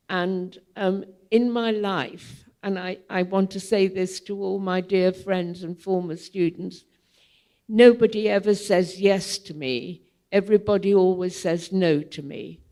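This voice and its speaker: An older woman speaking to a theatre audience as a guest, telling long anecdotes in an unhurried, digressive way, with frequent ums. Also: lowish voice, warm tone. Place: theatre hall, public event.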